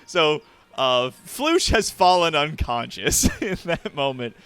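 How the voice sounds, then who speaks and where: A man running a tabletop game as game master, narrating in an unhurried way, with lots of fillers and frequent laughter. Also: on the high side, sing-song, a bit bright, smooth, no room sound.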